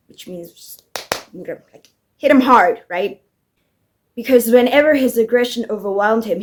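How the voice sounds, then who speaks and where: A woman giving a heated, profane rant about a TV finale, firing off rhetorical questions as a commentator. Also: fairly high pitch. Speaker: TV show commentator. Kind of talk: casual ranting review.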